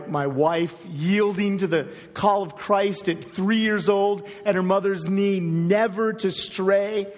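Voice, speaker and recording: A male pastor preaching a sermon, emphatic and deliberate, slowing down to stress key phrases. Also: high-pitched. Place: church sanctuary. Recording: long hall reverb.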